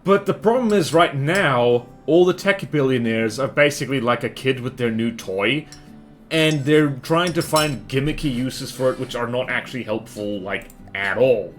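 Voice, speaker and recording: A man's voice: medium pitch, moderate pace, faint music behind. A man streaming a strategy game live, chatting with his viewers and reacting to the battles on screen as he rambles through his opinions.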